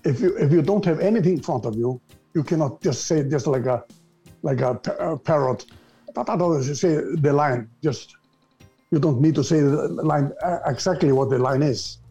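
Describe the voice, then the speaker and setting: An older man from Iceland with an Icelandic accent, a retired newcomer actor speaking English as a second language in a casual interview, halting and repeating words as he searches for them. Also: a little high, dark tone, husky, lo-fi sound, soft background music. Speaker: guest actor.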